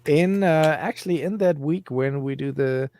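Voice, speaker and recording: A man hosting a casual livestream chat who laughs often and gives shout-outs to viewers. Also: fairly high pitch, normal speed. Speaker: host.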